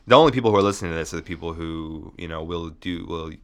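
A man co-hosting a podcast, telling a deadpan comic story in a rambling way, full of restarts. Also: deep voice, quick pace, clean tone. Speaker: podcast co-host.

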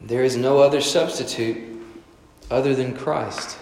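A man preaching a sermon, telling a story and acting out the voices in it, swinging from loud to soft. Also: medium pitch, fairly even intonation, a little slow, a little hiss or hum. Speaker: pastor. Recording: echoey hall.

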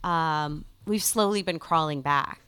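Woman podcast co-host, smooth clear voice, close dry sound, chatty. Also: low voice, a little slow, sharp tone, dry recording. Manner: chatty, upbeat, reads out trivia. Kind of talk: casual podcast chat.

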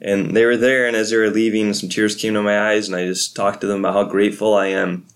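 A middle-aged man with a fairly low voice gives a devotional podcast talk. He is a pastor, and he speaks to parents in an earnest, prayerful and encouraging way. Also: level tone, fast.

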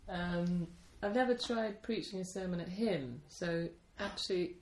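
Brief: British woman guest, low soothing voice, hesitant and reflective, echoey room. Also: unhurried, a crowd in the background. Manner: soft-spoken, thoughtful, hesitant with fillers. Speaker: interview guest. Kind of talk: casual interview chat.

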